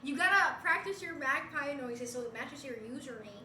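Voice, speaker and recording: A woman's voice: high-pitched, moderate pace, pushed and bright, distant mic, a little hiss or hum. Young woman streamer from Puerto Rico, chatty and giggly, echoey bedroom, set back from the mic. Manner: giggly, chatty, reads chat aloud. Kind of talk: casual chat with viewers. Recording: roomy bedroom, voice away from mic.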